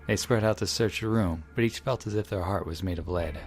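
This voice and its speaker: Deep-voiced man reading a game aloud. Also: music in the background. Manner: measured, dramatic narration with occasional slips. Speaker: game reader. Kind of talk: dramatic reading of a visual novel.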